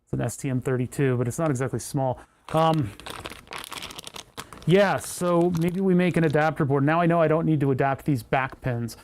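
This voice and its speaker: A man's voice: on the high side, normal speed, darkish tone, a little hiss or hum. A man hosting a casual livestream, rambling and self-mocking as he thinks aloud while tinkering with electronics. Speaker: livestream host.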